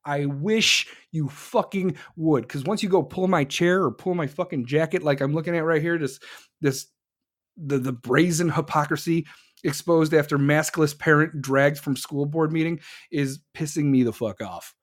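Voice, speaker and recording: A man's voice: on the high side, normal speed. A man hosting his own podcast, venting in an angry, profane, combative rant and answering live listeners as he goes. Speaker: podcast host. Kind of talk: solo political rant podcast.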